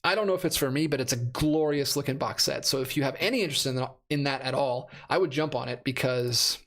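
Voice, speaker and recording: A mid-range, fairly bright voice moves fast as a man in his thirties runs a casual live stream on movie releases. Reading chat comments, he meanders, self-corrects, and laughs a lot, his voice a bit worn since he's losing it.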